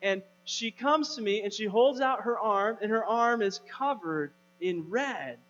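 Pastor, thirties, male, slightly high voice, relaxed storytelling sermon delivery, long reverb. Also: measured pace. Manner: conversational storytelling, rising to emphatic preaching. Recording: dull, hum, long reverb.

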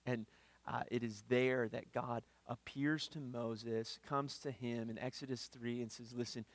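A man's voice: mid-range voice, fairly even intonation, a little slow, dry recording. Earnest man preaching, dry close sound. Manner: earnest, repeats words when starting phrases. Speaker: pastor. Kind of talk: sermon. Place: church.

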